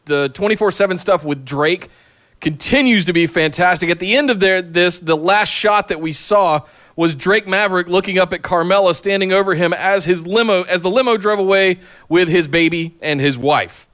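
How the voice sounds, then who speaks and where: A laid-back man in casual podcast chat, with a slightly high voice. He talks things through in a measured way and lets his sentences trail off low. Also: fairly bright tone. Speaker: podcast co-host.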